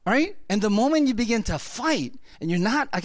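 A male pastor delivers a loose, conversational sermon, wandering through asides and fillers. His voice sits high and swings widely in pitch. The sound is dry and close. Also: very animated, brisk, hardly any pauses, no echo. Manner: casual, rambling, full of fillers and asides.

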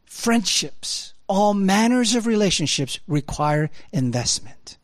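A man delivers a loose, lively sermon at a slow pace, swinging between loud, high-pitched emphasis and quiet, low asides. He laughs and uses fillers along the way, and the recording is dry.

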